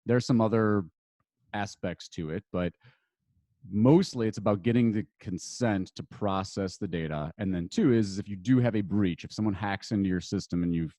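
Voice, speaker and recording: This is a man with a lowish voice, talking through legal basics as a podcast guest. He is casual and meandering, with plenty of fillers and self-corrections, and the sound is dry and close with no room around it. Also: moderate pace, mellow, dry recording. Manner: loose and conversational, many fillers and restarts. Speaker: podcast guest, attorney and marketer.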